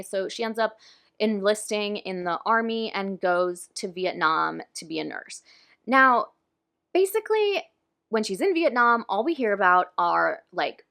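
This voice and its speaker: A woman's voice: medium pitch, a bit bright. A young woman reviewing books in casual, ranting chat, full of "like" and fillers. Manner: chatty, frequent "like", ranting. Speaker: book reviewer.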